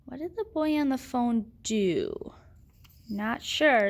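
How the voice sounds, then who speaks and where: A woman's voice: fairly high pitch, expressive, takes it slowly. A woman teaching a grammar lesson, patiently asking questions and answering them herself.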